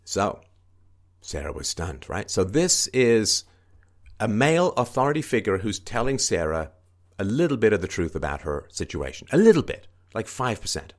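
A man's voice: sing-song, moderate pace. A man commenting on a news article he reads aloud, talking in an emphatic, repetitive way. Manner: emphatic, repetitive, swings into mocking higher-pitched quoting.

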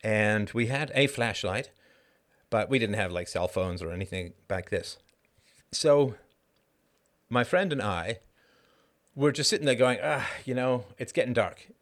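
Man, low voice, animated storyteller, livestream host. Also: unhurried, long pauses. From Canada. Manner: animated storytelling, acts out quoted people. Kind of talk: casual monologue.

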